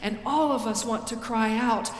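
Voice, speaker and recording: A woman pastor preaching a sermon in a slow, deliberate way, rising for quoted pleas and dropping soft after them. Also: fairly high pitch, slight background noise. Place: church sanctuary. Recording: roomy church with long reverb.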